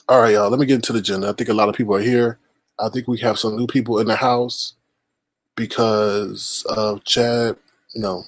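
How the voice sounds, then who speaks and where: A man's voice: mid-range voice, no echo. A man hosting a casual livestream, greeting viewers by name and teasing them in sing-song asides. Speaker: livestream host.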